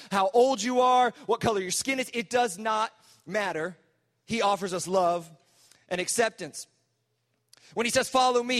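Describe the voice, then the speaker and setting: High-voiced man preaching in a reverberant hall. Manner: animated, conversational preaching with mock-whiny asides. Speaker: youth pastor. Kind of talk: sermon to teenagers.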